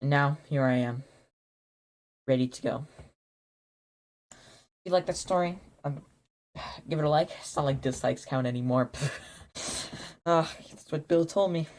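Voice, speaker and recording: A man telling an absurd made-up origin story in a rambling, deadpan way, full of restarts and acted-out quotes. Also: fairly high pitch. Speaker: YouTuber.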